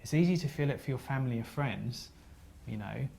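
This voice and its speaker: A man speaks at a weekend seminar, sharing a story in an earnest, unpolished way. He often trips over his words and starts again, and he apologises gently when a point sounds sentimental. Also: mid-range voice, expressive, gravelly, slight background noise. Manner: earnest, halting, with frequent restarts.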